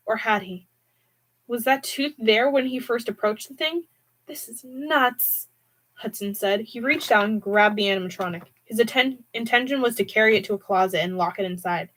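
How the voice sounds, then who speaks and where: Woman, horror read-aloud, medium pitch, dramatic swings, occasional stumbles. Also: low-quality recording. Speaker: audiobook reader.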